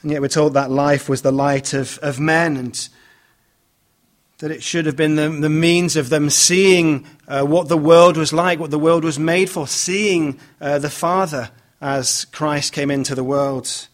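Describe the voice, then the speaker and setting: A man preaching a sermon, speaking in a measured way with many "uh" fillers and restarts as he reads scripture aloud and explains it. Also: a little high, steady tone.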